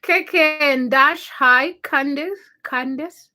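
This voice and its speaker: A young woman chats on a livestream in a high, bright voice. She teases viewers and calls out names from the comments. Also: slow. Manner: teasing and laughing, reads chat names aloud. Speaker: livestream host. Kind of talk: casual livestream chat, reading comments.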